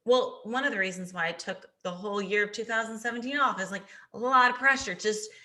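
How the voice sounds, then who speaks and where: A young woman in casual podcast chat about competing, chatty and animated, acting out what other people say. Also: mid-range voice, fairly quick. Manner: chatty, animated, acts out quoted voices. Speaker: podcast guest, bikini competitor.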